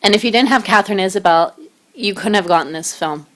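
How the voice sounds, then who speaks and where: A woman filmmaker chatting as an interview guest, fast and excitable, laughing often. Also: mid-range voice. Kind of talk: casual interview chat.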